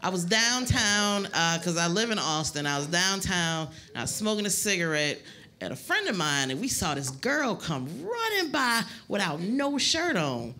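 A woman doing a stand-up comedy set, telling a story in a sassy way with big pitch jumps when she quotes people. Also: very animated, moderate pace, bright, forceful tone, soft background music.

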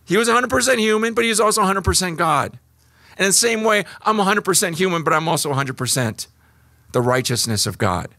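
A man preaching a sermon, moving between hushed, slow passages and animated, emphatic stretches. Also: sits high, no room sound. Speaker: pastor.

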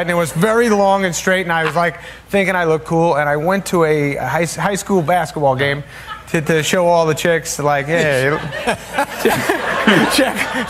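A man's voice: on the high side, a bit bright, slight background noise. A man telling a comic anecdote as a talk show guest. He rambles, stammers and restarts, and laughs through his own story. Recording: played-back talk show clip with studio audience.

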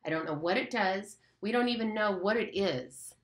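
A woman's voice: medium pitch, normal speed, reverberant, pitched above the performer's own voice, close to an everyday voice. A woman playing a proud, bossy boy leader. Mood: defiant. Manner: bossy, defiant, blustering. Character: proud, hot-tempered boy hunt leader.

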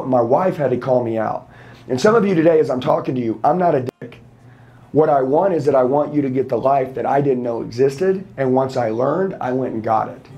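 A man in his thirties with a medium-pitched, warm voice, heard through dull audio, works as a sales trainer. He's giving a roomful of people a fired-up motivational seminar talk that's blunt, profane, and confrontational.

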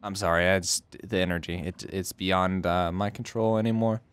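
A man's voice: sits low, fairly even intonation, moderate pace, clear, resonant tone, no echo. A man hosting a let's play with casual gameplay commentary, swearing and shifting into odd, playful inflections.

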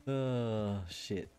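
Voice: mid-range voice, mellow, a little hiss or hum. An Australian streamer chatting casually during a roleplay game stream, laughing often and swearing freely.

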